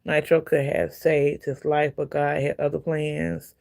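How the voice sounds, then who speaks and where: A woman's voice: low voice, little pitch movement, unhurried, vocal fry, darkish tone. A woman chatting on her own livestream, telling a story in a loose, rambling way. She repeats phrases, leans on fillers, and stops to greet viewers by name as they arrive. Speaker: livestream host. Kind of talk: casual livestream chat.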